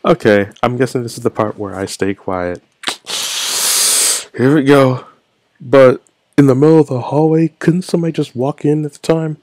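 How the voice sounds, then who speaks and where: A young man reading a story game aloud and reacting to it playfully with quick jokes and exclamations. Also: mid-range voice, dark tone, no room sound. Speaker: gaming channel host.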